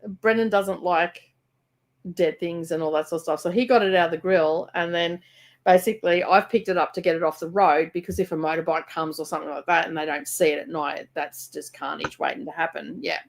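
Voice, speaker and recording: An Australian woman co-hosting a live book stream, telling animated stories in casual chat and laughing often. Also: deep voice, a little fast, gravelly. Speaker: co-host of a live reading stream. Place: rural home library.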